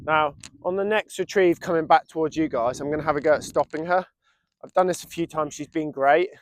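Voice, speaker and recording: An English man teaches dog training outdoors, talking to the camera in a calm, explanatory way. His voice sits a little on the high side, and a faint hiss runs underneath. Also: fairly quick. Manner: calm explanatory, giving short commands to a dog. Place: outdoors in a field.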